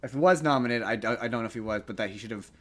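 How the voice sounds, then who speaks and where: A podcast co-host with a mid-range voice talks very fast in a casual movie chat. He rambles and jokes, correcting himself as he goes.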